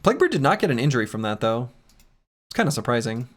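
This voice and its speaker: A man's voice: mid-range voice, very animated, fast talker. A man streaming a game, chatting casually in a joking, rambling and self-mocking way. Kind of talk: casual gameplay commentary and chat.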